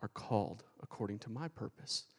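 Quiet reassuring male God figure, as a man puts him on; gentle, unhurried. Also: on the low side, husky, in a large hall, pitched below the performer's own voice. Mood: assuring.

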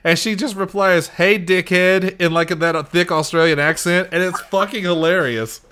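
A man's voice: high voice, moderate pace, bright, forceful tone, slight background noise. A young man co-hosting a casual podcast, blunt and sweary, given to mock-angry rants. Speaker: podcast co-host. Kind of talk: casual wrestling chat.

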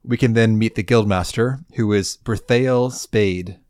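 Wry, steady man podcast co-host. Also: lowish voice, measured pace, no echo, clean studio sound. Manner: steady, wry, guides the talk and reads quest lines. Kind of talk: casual gaming chat, leading the walkthrough.

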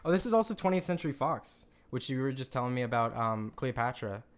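A man co-hosting a podcast, chatting playfully and reacting quickly. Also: mid-range voice, animated. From United States. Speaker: podcast co-host. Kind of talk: casual chat.

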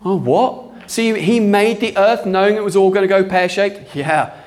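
High-voiced male preacher, emphatic. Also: moderate pace. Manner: emphatic, exclamatory, punctuated with hallelujahs. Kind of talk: sermon.

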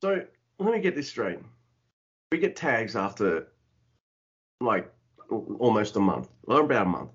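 A man co-hosting a podcast in casual chat, animated and joking, sometimes humming a tune. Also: lowish voice, unhurried, long pauses, slightly rough. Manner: animated, joking, breaks into sung hums. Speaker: podcast co-host. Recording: dull lo-fi sound.

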